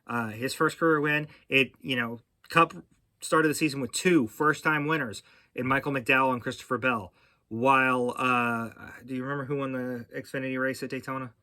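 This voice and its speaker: Bright-voiced man rambling about racing. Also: mid-range voice, fairly even intonation, normal speed, no echo, clean studio sound. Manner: rambling, with frequent fillers and restarts. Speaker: podcast host. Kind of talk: casual racing podcast chat.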